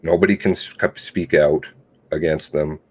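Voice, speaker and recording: A man hosting a casual livestream, reading and commenting on articles in a sarcastic, mocking way, with loud outbursts and low mutters. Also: steady tone, moderate pace, breathy edge. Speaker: livestream host.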